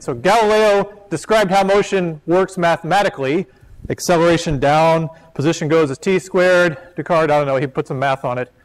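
A man giving a physics lecture in a chatty, joking way, with poor lecture hall audio. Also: fairly high pitch. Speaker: physics professor. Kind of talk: classroom lecture.

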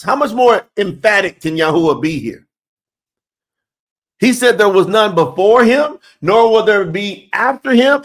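A man's voice: sits high, fairly bright tone. A man teaching scripture, reading verses aloud and stressing them emphatically with rhetorical questions. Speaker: Bible teacher.

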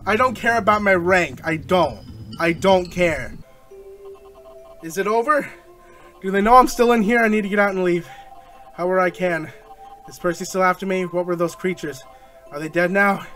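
A young man hosting a gaming channel, giving excitable, easily frustrated commentary while he plays. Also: high voice. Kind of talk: let's-play commentary.

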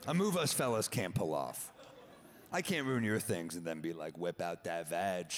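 Deadpan male stand-up in a reverberant hall. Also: deep voice, normal speed. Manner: dry, deadpan storytelling, acting out both sides of dialogue. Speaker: stand-up comedian. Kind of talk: stand-up set. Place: large theater stage. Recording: live theater with long reverb. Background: audience laughter.

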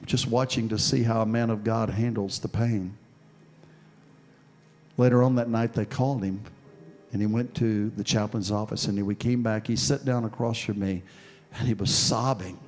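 A man preaching a sermon and telling a story from his own past, dropping soft and low, then building to loud, forceful preaching. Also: fairly even intonation, normal speed, faint music behind. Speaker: pastor. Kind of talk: sermon with personal testimony.

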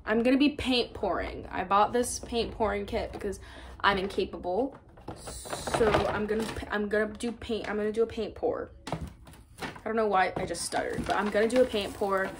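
A woman's voice: mid-range voice, steady tone, normal speed, noisy background. A young woman chatting casually in a home vlog, rambling and poking fun at herself. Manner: chatty, self-mocking, rambling. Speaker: YouTuber.

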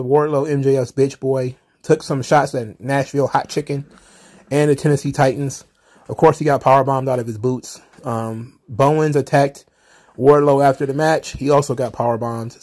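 A man's voice: mid-range voice, steady tone, normal speed, darkish tone. A man hosting casual solo wrestling recap commentary, rambling and wry, often exasperated, with the odd swear.

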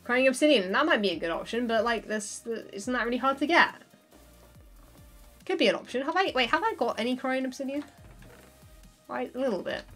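A woman's voice: sits high, lively intonation, fairly quick, pauses often, fairly bright tone, faint music behind. A woman chatting casually on a livestream while she plays, laughing often and thinking aloud.

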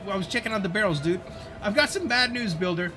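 A loud skeleton ship captain barking urgent orders, as a man puts him on. The voice is pitched high and swings widely. Game music plays behind. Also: lively intonation, fairly quick. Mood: alarmed.

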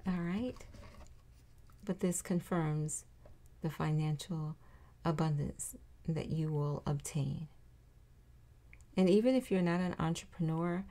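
Tarot reader, woman, slow and mellow, encouraging, talks straight to the viewer. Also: low voice. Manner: encouraging, repeats reassurances, addresses viewer directly.

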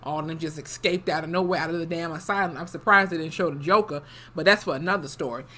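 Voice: medium pitch, quick pace, bright, forceful tone. A TV reviewer casually recapping an episode in a loose, slangy, profane way, full of fillers like "you know" and "or whatever".

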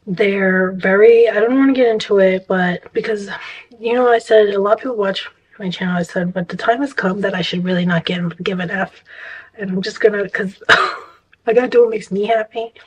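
A woman's voice: medium pitch, normal speed, breathy edge, rough recording. Chatty woman vlogger, exasperated storytelling. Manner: chatty, exasperated, rambling with restarts. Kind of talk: casual storytime chat.

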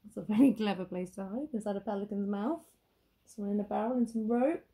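A woman teacher reading a picture book aloud to children, expressive and stopping to ask the listener questions. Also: mid-range voice, fast.

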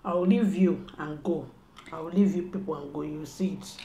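A woman's voice: low-pitched, moderate pace, dark tone. Mock-stern mother scolding in an echoey room. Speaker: mother and vlogger. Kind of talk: casual family prank talk. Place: home.

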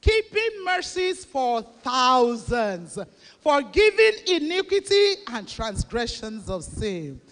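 A woman pastor preaching a sermon, leading the congregation in call-and-response and often rising to shouts. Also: sits high, big pitch swings, slow pace. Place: church. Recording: long reverb of a large church hall.

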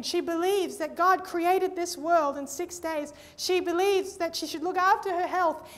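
A woman preaching a sermon, telling a story and speaking directly to her listeners as friends. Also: very high-pitched. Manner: lively storyteller who acts out both sides of conversations; addresses the audience directly with "friends" and "Amen?".

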